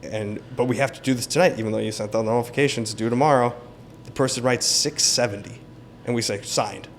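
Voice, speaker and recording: Realtor guest, man, mid-pitch, lively storyteller acting out voices, faint hiss behind. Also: fast talker. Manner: animated, acts out quoted dialogue. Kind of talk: casual interview storytelling.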